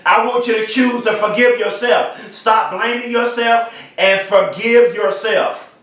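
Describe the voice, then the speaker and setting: A man giving an emphatic motivational speech, repeating slogans and often shouting them. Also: high-pitched, fairly even intonation, unhurried. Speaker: motivational speaker. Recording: very echoey, from far off the mic.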